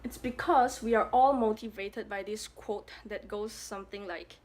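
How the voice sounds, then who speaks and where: A woman's voice: medium pitch, moderate pace, darkish tone. A young woman from Malaysia with a Malaysian English accent, giving a casual, jokey vlog with playful asides. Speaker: vlogger.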